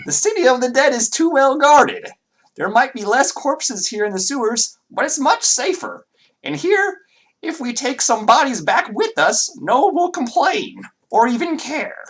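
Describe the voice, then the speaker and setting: A creepy little goblin doctor talks in a shrill, heavily accented voice full of gleeful relish. He lingers over his words with a bright, strained edge. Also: sing-song, a little slow, exaggerated voice. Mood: condescending. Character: sly high-pitched male goblin doctor, creepy.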